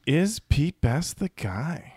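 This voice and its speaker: A man's voice: on the high side, sing-song, slow pace, darkish tone, husky, no echo, clean studio sound. A man co-hosting a casual comedy podcast, reading listener comments aloud and tossing in joking asides. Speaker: podcast co-host.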